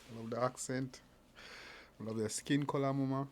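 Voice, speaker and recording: A man's voice: mid-range voice, fairly even intonation, normal speed, a little hiss or hum. A man hosting a music reaction video, talking in hyped, slangy casual commentary mixed with patois. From Jamaica. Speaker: music reaction channel host. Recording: loud music playing underneath.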